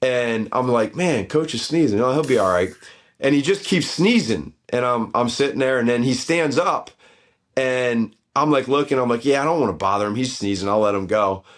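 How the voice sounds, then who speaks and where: A man's voice: mid-range voice, moderate pace. A middle-aged man, a former football head coach, telling stories as a guest in a casual podcast chat. His voice jumps up when he acts out what people said. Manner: animated storyteller, voice jumps up in quoted bits.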